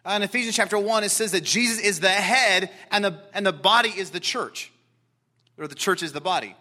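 A man preaching a sermon, explaining scripture and dropping into quiet, earnest asides. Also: sits high, fairly quick. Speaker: pastor.

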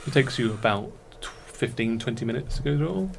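A man's voice: medium pitch, quick pace, vocal fry, slight background noise. A man running a tabletop game as game master, narrating loosely with many fillers. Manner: relaxed, hesitant with fillers.

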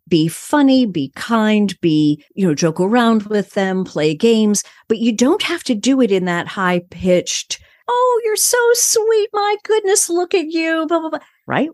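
An older woman speaks as a voice coach in a calm, assured, teaching way. Her voice sits low for a woman. The sound is dry and close, with no room around it. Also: dry recording. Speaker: voice coach guest. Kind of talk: interview answers, coaching advice.

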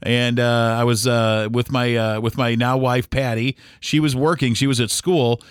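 A man's voice: medium pitch, flat delivery, moderate pace, clean tone, dry recording, studio quality. A middle-aged man from the United States hosting a podcast, telling a story in a rambling, casual way. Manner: rambling, acts out remembered dialogue. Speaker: podcast host.

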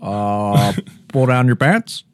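A man doing a comedic impression of a measured, halting male ex-president. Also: lowish voice, no room sound, pitched below the performer's own voice. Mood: indignant. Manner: halting, drawn-out pauses.

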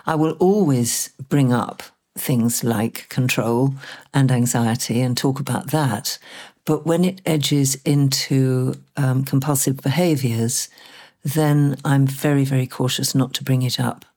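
A woman astrologer talking as a podcast guest, thoughtful and measured, with dry humour. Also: a bass voice, fairly even intonation, mellow. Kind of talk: conversational podcast interview.

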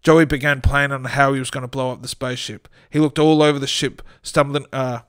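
A man's voice: medium pitch, fairly even intonation, fairly quick, clear, resonant tone, dry recording. A man with an australian accent reads a silly crime story aloud for a podcast, his voice sitting in the middle of the range and recorded close and dry with no room sound. he keeps cracking himself up as he goes. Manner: reads with frequent laughter breaking through. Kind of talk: reading a comic short story aloud.

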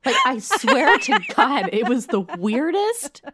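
A woman's voice: high voice, very animated, slow, noisy background. A woman co-hosting a comedic book-club chat, reading passages aloud with sarcastic, giggly mock melodrama. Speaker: podcast co-host.

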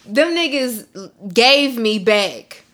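A young woman co-hosting a podcast, telling stories in a profane, animated way and breaking into shouted outbursts. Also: a little high, slow. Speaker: podcast co-host. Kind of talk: casual chat.

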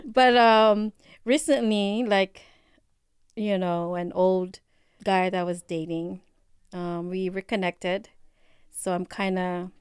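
A woman's voice: fairly low pitch, fairly even intonation, slow, long pauses, clean tone, dry recording, studio quality. A woman in her forties, originally from the Philippines, chatting casually as a podcast guest and laughing often. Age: 40s. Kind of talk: casual chat.

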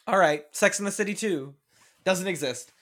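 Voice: mid-range voice, moderate pace, fairly bright tone. A podcast host in casual chat, starting with fillers and laughs before getting to the point. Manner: hesitant, lots of fillers, laughing.

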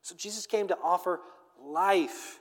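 A fairly high-voiced man preaches with fervor, his voice rising to loud declarations and then sinking almost to a murmur. Long reverb from a big hall trails behind each phrase. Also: measured pace. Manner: emphatic preaching, swinging from loud to hushed. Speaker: pastor. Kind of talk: sermon.

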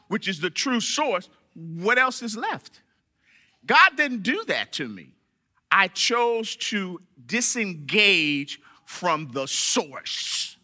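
A man preaching a sermon to his church, animated, with dramatic pauses and quoted voices. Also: high voice. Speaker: church member giving a sermon.

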